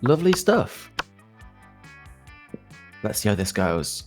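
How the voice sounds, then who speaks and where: A woman hosting a game session with friends, reading out the game's narration in a playful, lively way. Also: extremely low pitch, normal speed, faint music behind. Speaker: host.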